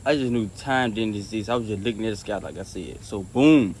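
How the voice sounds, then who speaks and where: A man casually telling a personal faith testimony, rambling and repeating himself with many restarts, earnest and soft-spoken in places. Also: on the low side, a little fast, a little hiss or hum. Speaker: storyteller sharing a faith testimony.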